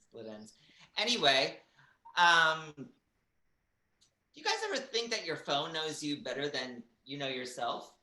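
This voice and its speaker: A stand-up comedian with a bright, forceful tone works through a set in a halting way, full of ums and little giggles. The voice rings out in a roomy small theater. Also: mid-range voice, big pitch swings. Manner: halting, filler-heavy delivery with giggles.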